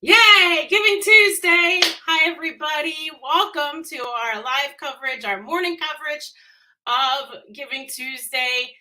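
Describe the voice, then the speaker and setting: A young adult woman hosting a live charity fundraiser stream, excited and close to tears as she thanks donors. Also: on the high side. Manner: emotional, excited, near tears. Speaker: charity livestream host.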